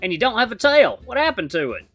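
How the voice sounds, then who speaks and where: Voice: medium pitch, very animated, quick pace, slightly rough, faint music behind, pitched above the performer's own voice. A game streamer reading aloud and voicing a friendly, curious male kangaroo-like creature in a visual novel, with a put-on Southern twang. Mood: cheerful. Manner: bright, eager, chatty.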